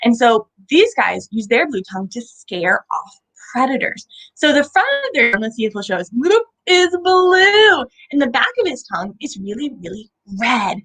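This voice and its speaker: Animated woman teaching kids about animals. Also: fairly high pitch, poor audio. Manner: playful sing-song, exaggerated sound effects and call-and-response questions. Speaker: children's animal show host. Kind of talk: educational talk for young children.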